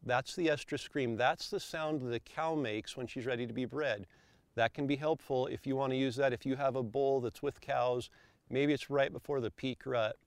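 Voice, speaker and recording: A man calmly explaining elk calls step by step, as an instructor. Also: medium pitch, normal speed, clear, resonant tone, no room sound. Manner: calm, methodical, explains step by step.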